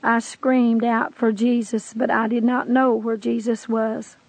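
A woman's voice: fairly high pitch, little pitch movement, unhurried, a little mellow, dry recording, poor audio. Earnest woman narrating a dramatic testimony. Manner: earnest, intense storytelling.

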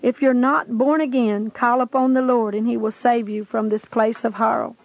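A woman's voice: fairly high pitch, fairly even intonation, normal speed, creaky, dry recording, muffled recording. A woman earnestly recounting a dramatic personal testimony, telling it intensely as a narrator.

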